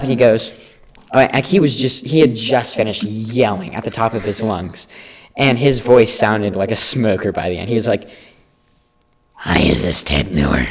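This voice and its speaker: A teenage boy co-hosting a podcast, telling a school story in casual chat and acting out the people in it. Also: fairly low pitch. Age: teens. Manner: animated, acts out quoted people. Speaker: podcast co-host.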